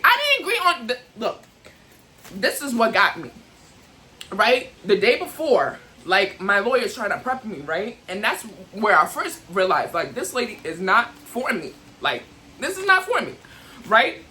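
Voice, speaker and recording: A woman's voice: mid-range voice, big pitch swings, measured pace, pushed and bright, rough recording. A young adult woman venting to camera in an emotional, heated, rambling way, full of "like" and "you know what I'm saying". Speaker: vlogger.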